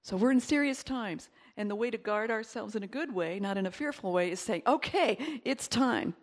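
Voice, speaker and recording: A woman pastor preaching a sermon and leading prayer, emphatic, dropping to whispers and rising to loud exclaiming. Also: medium pitch, fairly quick.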